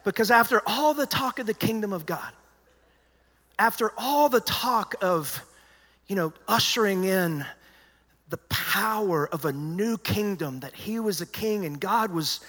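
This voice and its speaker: A man preaching a sermon as pastor, in an animated, conversational style. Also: sits high, unhurried. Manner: animated, conversational preaching with acted-out quotes and dropping to a hushed voice. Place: large church auditorium. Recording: reverberant church hall.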